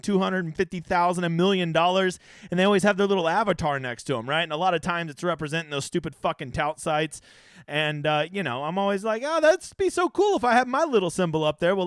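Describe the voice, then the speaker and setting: A man's voice: high voice, smooth, dry recording, clean studio sound. A young man hosting a fantasy sports live stream, brash, profane and hyped-up.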